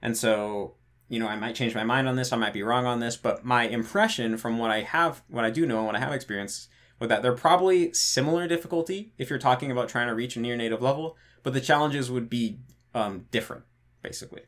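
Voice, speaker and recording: A man's voice: mid-range voice, fast, a bit bright. A man answering viewer questions in a casual monologue, thinking aloud and hedging, with frequent restarts and fillers. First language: English. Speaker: channel host answering patron questions.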